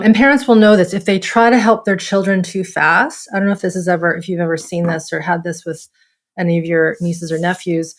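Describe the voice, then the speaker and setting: A woman with a fairly low speaking voice, talking as a guest expert in a podcast interview. She explains through vivid step-by-step examples. She acts out little quoted voices with gasps. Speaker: guest nervous system expert.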